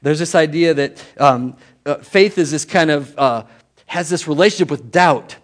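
A male pastor preaching a sermon at a church service, talking conversationally and swinging between emphatic and hushed delivery. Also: a little high, normal speed.

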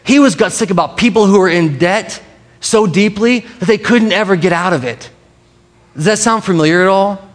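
Higher-voiced pastor, casual and playful. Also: male voice, big-room sound. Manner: casual, conversational, with frequent restarts; playful, coaxing the congregation to repeat a word. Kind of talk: sermon.

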